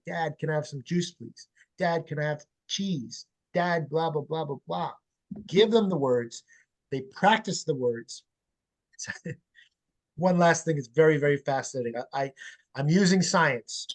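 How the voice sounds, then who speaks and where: A man working as a parenting coach, answering webinar questions over a video call in an animated, emphatic way, blunt and sometimes swearing. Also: high voice.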